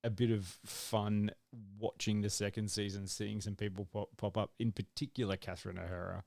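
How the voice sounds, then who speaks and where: A man's voice: fairly low pitch, little pitch movement, moderate pace, vocal fry, darkish tone, dry recording. A man co-hosting a podcast in casual chat, rambling and acting out his own reactions. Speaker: podcast co-host.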